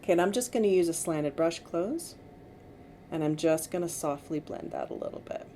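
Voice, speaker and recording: Gentle, low-voiced makeup artist woman. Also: lively intonation, a little fast. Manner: gentle, coaxing instructions to a client. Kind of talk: makeup tutorial instruction. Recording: faint background noise.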